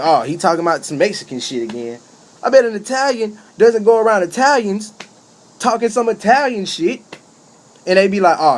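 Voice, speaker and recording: Preachy man with high, emphatic voice. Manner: preachy and repetitive, with emphatic rising outbursts. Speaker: street preacher giving a talk. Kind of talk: impassioned spoken monologue.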